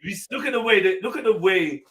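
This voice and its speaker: A man hosting a live open panel, blunt and animated, swearing freely and acting out what people say. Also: high-pitched, fast talker, far from the mic. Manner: blunt, animated, swears often, acts out quotes. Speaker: host of a live open panel talk show. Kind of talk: casual panel discussion.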